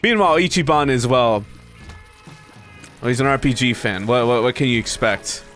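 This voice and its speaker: A man's voice: medium pitch, moderate pace, soft background music. A man streaming a video game, chatting casually with viewers, swearing often and laughing between complaints about his run. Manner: animated, swearing, frequent laughter. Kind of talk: casual gameplay commentary.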